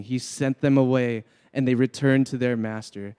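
A man's voice: medium pitch, steady tone, normal speed, few pauses, warm tone, clear, resonant tone. Man reading scripture in a reverberant hall. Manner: reads aloud steadily, jokes with the crowd. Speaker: scripture reader. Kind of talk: leading a group Bible reading.

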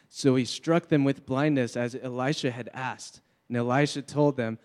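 A man's voice: medium pitch, moderate pace, a little mellow, smooth. A man reading scripture aloud to lead a group Bible reading in a church hall, now and then joking with the crowd. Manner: reads aloud steadily, jokes with the crowd. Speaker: scripture reader. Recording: long hall reverb.

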